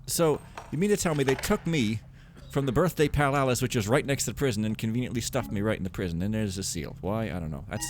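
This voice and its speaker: A man's voice: mid-range voice, fast talker, hardly any pauses, slight background noise. A man giving casual, rambling commentary over a video game, joking and mocking himself as he plays. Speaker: Let's Play commentator.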